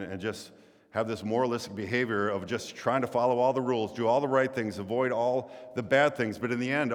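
Pastor, male, low-pitched voice, sermon delivery that swings from animated storytelling to hushed emphasis, reverberant hall. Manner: storytelling, rising into animated quoted voices then dropping low and quiet.

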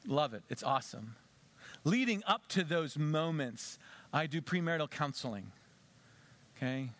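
Conversational, slightly high-voiced male pastor. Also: expressive, normal speed. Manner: conversational preaching, drops to soft low tones for emphasis. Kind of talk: sermon. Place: church sanctuary.

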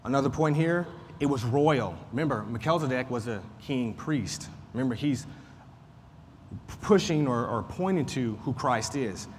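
A man's voice: medium pitch, lively intonation, normal speed. Man teaching Sunday school in reverberant room. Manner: conversational, repeats points, frequent fillers. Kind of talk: Bible class teaching. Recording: faint noise, long room reverb.

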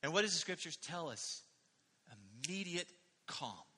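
Bright, forceful preacher in a reverberant hall. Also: male voice, fairly high pitch, unhurried, slightly rough. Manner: animated, emphatic preaching with rhetorical questions. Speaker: pastor. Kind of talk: sermon.

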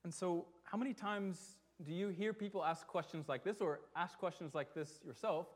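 A pastor delivering a sermon to his church, earnest and emphatic, slowing on key words and asking rhetorical questions. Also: sits high.

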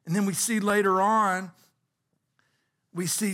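A man's voice: sits high, flat delivery, unhurried, pauses often, sharp tone. A middle-aged man preaching a sermon as pastor, earnest, asking the congregation rhetorical questions.

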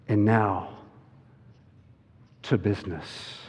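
Male pastor, slow earnest sermon, storybook reading, long echo of a large hall. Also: medium pitch, a little mellow. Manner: slow, earnest, addresses children directly. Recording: dull sound in a large reverberant hall.

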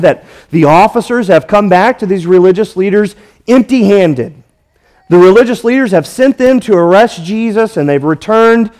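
A man's voice: high-pitched, darkish tone. A man preaching a sermon, emphatic and repetitive, walking through a passage verse by verse. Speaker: pastor.

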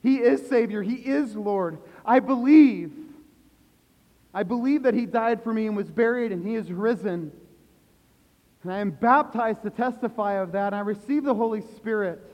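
A man preaching a sermon as pastor, asking the congregation questions and swinging between hushed and loud emphasis. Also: sits high. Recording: echoey hall, dull lo-fi sound.

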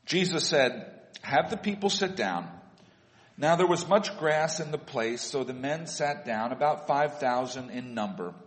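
A man reads a scripture passage during a church service, his voice measured and plain at a middling pitch. The sound rings with the long reverb of a large sanctuary. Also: lively intonation. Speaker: worship leader reading scripture.

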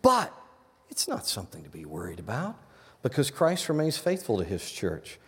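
Male pastor, earnest sermon delivery, mid pitch, big reverberant hall. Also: normal speed, breathy edge. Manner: earnest, animated preaching with repeated restarts. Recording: long reverb of a large hall.

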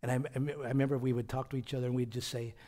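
A pastor preaching a conversational sermon, asking rhetorical questions and answering them himself, often repeating words and chuckling between points. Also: male voice, medium pitch, little pitch movement, rapid-fire, mellow.

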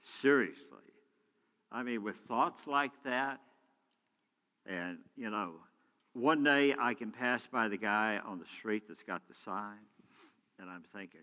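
A man's voice: lowish voice, a little slow. Preaching man in a reverberant church. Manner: swings from loud shouting to quiet prayer. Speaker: pastor. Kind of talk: sermon. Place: church sanctuary. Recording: church hall with long reverb.

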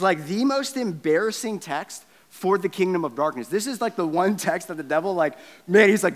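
An animated male pastor preaching with a fairly high voice, jumping between loud exclaims and quieter passages. He sounds casual and talkative, like he's chatting with the congregation. His voice rings out with a long reverb through a big church hall. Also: moderate pace, few pauses. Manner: animated, conversational preaching with asides; acts out quotes and switches between loud punches and low, quiet stretches. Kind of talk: sermon.

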